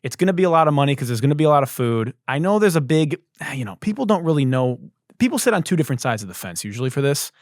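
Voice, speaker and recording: A man's voice: fairly high pitch, big pitch swings, very fast, dry recording, studio quality. A man hosting a podcast, telling stories in a loose, joking, profane style. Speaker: podcast host. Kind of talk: casual comedic monologue.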